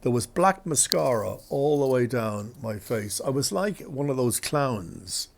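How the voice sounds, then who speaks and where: A man's voice: mid-range voice, animated, unhurried, creaky. A male radio host telling embarrassing stories in a chatty, self-deprecating, rambling way. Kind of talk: anecdotal storytelling.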